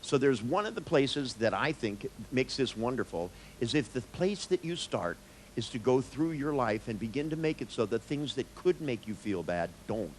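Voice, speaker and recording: A man's voice: medium pitch, sing-song, moderate pace, slight background noise, rough recording. A man, a therapist, giving a live seminar talk, telling stories with jokes and blunt swearing. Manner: joking, storytelling, blunt, with swearing.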